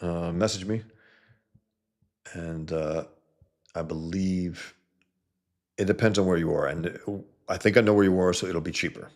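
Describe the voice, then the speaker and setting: A man's voice: low-pitched, steady tone, measured pace, long pauses, darkish tone. A man hosting a casual livestream, talking bluntly and profanely to his chat, rambling with frequent restarts. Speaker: livestream host reading chat. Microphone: computer mic, no headset.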